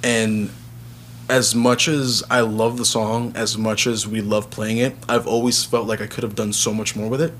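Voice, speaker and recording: This singer-songwriter for a band has a voice on the low side and speaks at a normal pace, with a little hiss or hum in the recording. Chatting casually in an interview, he tells stories in a loose, rambling, relaxed manner and performs the quotes.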